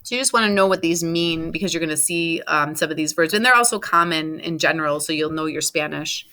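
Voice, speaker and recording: A woman's voice: low voice, a little fast, sharp tone. A woman teacher giving a recorded Spanish class, patiently explaining verb endings step by step and spelling them out letter by letter.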